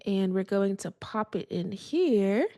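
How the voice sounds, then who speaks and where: A woman casually talking through a coding assistant demo, relaxed and thinking aloud. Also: mid-range voice, takes it slowly, no room sound, clean studio sound. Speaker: developer demoing a coding assistant. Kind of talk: casual tech demo chat.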